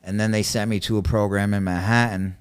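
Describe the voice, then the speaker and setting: Guy from new york with a lowish voice, telling a rough story casual-style, jumps loud when he quotes people then mutters. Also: a little fast. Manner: animated, acts out quotes with sudden loud jumps; swears freely, drops into low mutters. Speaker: podcast guest.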